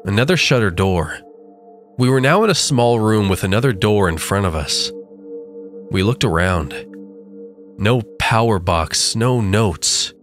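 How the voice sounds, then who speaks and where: Low-voiced man narrating a horror story. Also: animated, a little slow, long pauses. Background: faint music.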